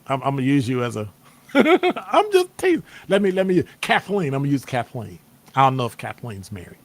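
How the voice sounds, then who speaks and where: A man, hosting a casual motivational live stream and acting out people's reactions with playful exclamations. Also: mid-range voice. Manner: animated, acts out quoted reactions with playful exclamations. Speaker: host. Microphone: streaming setup microphone.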